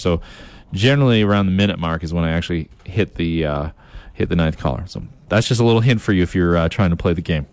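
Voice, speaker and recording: A man's voice: fairly low pitch, smooth, dry recording. A male radio DJ talking in a chatty, rambling way, with fillers and repeats, from a radio studio on a close mic. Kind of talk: upbeat radio DJ patter.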